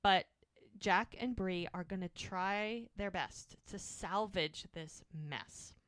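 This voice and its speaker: Bright-voiced woman podcast host, animated storyteller. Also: medium pitch, slow pace, dry recording. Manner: animated storyteller acting out scenes. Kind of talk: casual chat recapping a TV episode.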